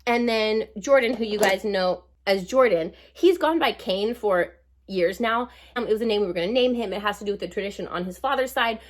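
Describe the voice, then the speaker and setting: A woman's voice: medium pitch, brisk. Woman, forties, beauty vlogger, chatty, rambling, upbeat asides. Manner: bubbly, rambling, many "like"s and asides. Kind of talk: chatty life-update vlog while doing makeup.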